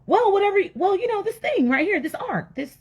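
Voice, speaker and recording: A woman's voice: very high-pitched, sing-song, fairly quick, muffled recording, voice pushed up. A woman playing a bewildered man building an ark, answering hesitantly that he does not know what it is for. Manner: hesitant, unsure, rambling. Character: puzzled bearded male ark builder, bewildered.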